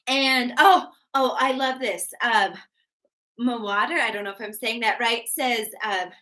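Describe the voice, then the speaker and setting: A woman's voice: a little high, measured pace, pushed and bright. A woman teaching a live online math lesson, bubbly and encouraging, chatting with viewers between steps. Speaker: GED math tutor. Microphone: webcam.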